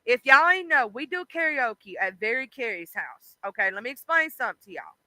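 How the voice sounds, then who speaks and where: Bright, high-voiced woman chatting on a livestream. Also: sing-song, brisk, dry recording, poor audio. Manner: chatty and profane, with lots of fillers. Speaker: livestream host. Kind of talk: casual livestream chat.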